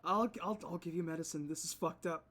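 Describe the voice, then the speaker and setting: A man's voice: on the high side, fairly quick, a bit bright. Swearing, laughing game master, a man. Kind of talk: running a tabletop game over voice chat.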